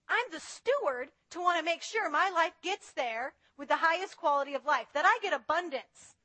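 A woman's voice: high voice, sharp tone, poor audio. A woman preaching a sermon in an earnest, conversational way, telling personal stories. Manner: earnest, conversational, tells anecdotes.

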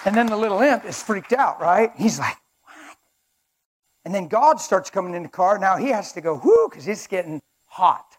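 A man with a high voice preaching a sermon. He talks in an emphatic, animated way and acts out little scenes to make his points. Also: brisk, few pauses.

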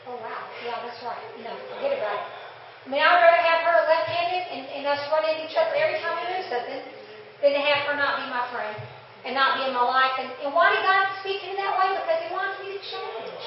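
A woman's voice: high-pitched, fast, a little hiss or hum. A woman giving a chatty, laughing church testimony to a live group, acting out her own inner conversations. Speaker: testimony speaker. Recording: distant, echoey, dull church room.

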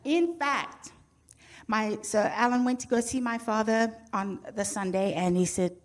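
A woman's voice: fairly high pitch, unhurried. A woman in her sixties from Zimbabwe, telling her personal testimony to an audience with frank, self-mocking humor and a storyteller's liveliness. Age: 60s. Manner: animated storyteller who acts out quoted voices. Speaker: speaker sharing her testimony.

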